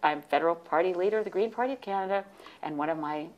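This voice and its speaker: A woman in her sixties, originally from the United States, telling lively anecdotes as an interview guest, often restarting her sentences. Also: lowish voice, fast, muffled recording. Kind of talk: casual interview storytelling.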